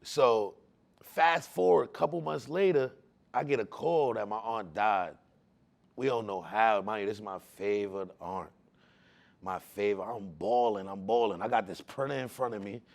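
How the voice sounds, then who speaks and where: A man telling his personal faith testimony in casual slang, emotional, repeating words for emphasis, swinging between hushed and loud. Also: lowish voice, normal speed, gravelly. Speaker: testimony speaker.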